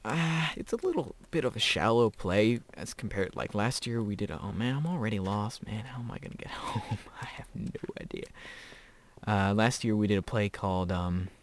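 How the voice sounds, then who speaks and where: A teenage boy with a lowish voice chats his way through gameplay, rambling from one thought to the next and laughing often. Faint keyboard clicks and typing sit quietly behind him. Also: lively intonation, normal speed, slight background noise. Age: teens. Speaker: gamer. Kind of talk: casual gameplay commentary.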